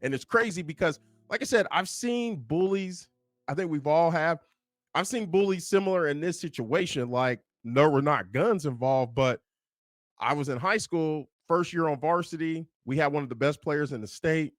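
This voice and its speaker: A man from Kansas giving a casual, animated film commentary, swearing freely and acting out the lines he quotes. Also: fairly high pitch, normal speed, no room sound. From Kansas, USA. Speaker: movie review YouTuber.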